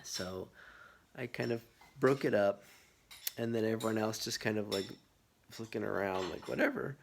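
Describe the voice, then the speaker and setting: A man telling a funny personal story in a casual, animated way, with lots of filler words. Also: lowish voice, moderate pace, vocal fry, a little hiss or hum.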